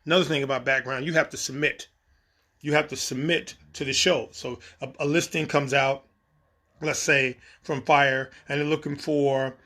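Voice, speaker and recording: A man casually telling a story from his time on set, lively and acting out the exchanges. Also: mid-range voice. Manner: animated, acts out quoted exchanges. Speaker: storyteller recounting a set experience.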